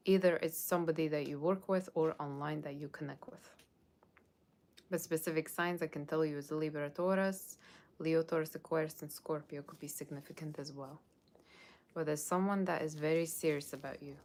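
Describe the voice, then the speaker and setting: A woman with a low, slightly mellow voice gives a live tarot reading at normal speed and in a steady tone. Her delivery rambles loosely, full of "like" and "okay?", as she reads comments from viewers and responds in a playful put-on Halloween voice.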